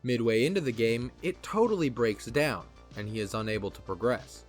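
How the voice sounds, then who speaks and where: A man narrating a scripted video essay with a wry, lively delivery. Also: mid-range voice, normal speed, faint music behind.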